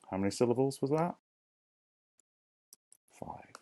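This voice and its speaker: Deep, gravelly-voiced male primary teacher. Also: sing-song, darkish tone, no room sound. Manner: slow, questioning, counts syllables aloud for children. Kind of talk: recorded online lesson for young children.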